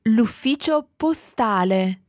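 Italian woman pronouncing words slowly. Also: fairly high pitch, lively intonation, no room sound, studio quality. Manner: slow, careful model pronunciation. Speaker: Italian language tutor.

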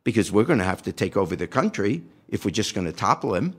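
A man's voice: fairly low pitch, sing-song, quick pace, slightly rough. Older guy ranting about politics, sarcastic and fired up, voice swinging up and down a lot. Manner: indignant, rhetorical questions, sarcastic. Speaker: podcast guest. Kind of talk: impassioned political commentary.

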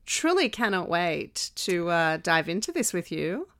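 A woman's voice: on the low side, big pitch swings, unhurried, fairly bright tone. Enthusiastic woman co-host. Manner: enthusiastic, rambling. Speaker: podcast co-host. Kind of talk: casual chat.

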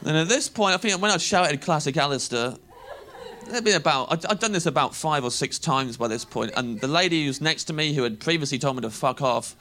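Brief: comic in his thirties, bright, slightly high, lively storytelling. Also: a little fast, hardly any pauses, a little hiss or hum. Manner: animated, acts out voices, laughs through lines. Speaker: stand-up comedian. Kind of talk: stand-up storytelling.

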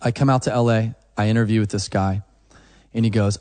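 Animated man telling a story, long room reverb. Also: fairly low pitch, brisk. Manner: animated storyteller, acts out phone calls. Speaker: guest musician. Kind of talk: casual storytelling in an interview.

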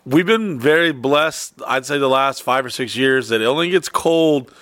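A man's voice: mid-range voice, moderate pace, a bit bright, dry recording. A man from Florida co-hosting a casual podcast, joking around and swearing a lot. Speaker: podcast co-host.

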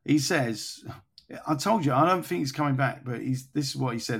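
A man's voice: medium pitch, normal speed, gravelly, husky. A man hosting a casual podcast chat, rambling and thinking aloud as he goes. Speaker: podcast host.

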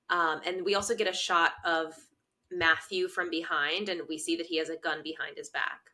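Podcast co-host gal, bright voice, quick reactions, laughs a lot. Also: female voice, on the low side, fairly even intonation. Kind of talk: casual recap chat.

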